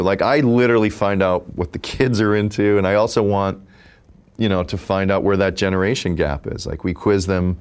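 A deep, smooth-voiced man in his fifties, an improv comedian, chats casually in an interview. He's relaxed and rambling, dropping "like" into nearly every sentence.

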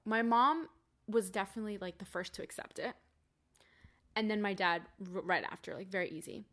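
Chatting as a podcast guest, a twenty-something woman recounts something personal, leaning on "like" and voicing her family's lines in dialogue. She talks a little fast in a mid-range, fairly bright voice.

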